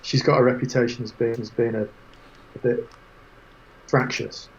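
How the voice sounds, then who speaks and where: A man as an interview guest, telling lively anecdotes with quoted voices in casual chat. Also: mid-range voice, measured pace, highs cut off, a little hiss or hum. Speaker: guest photographer.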